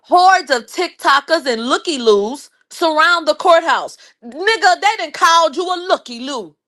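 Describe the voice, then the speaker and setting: A woman commentator reading a news article aloud on her channel, cursing and mocking it between lines in a loud, sarcastic manner. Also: sits high, animated, unhurried. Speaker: commentary YouTuber.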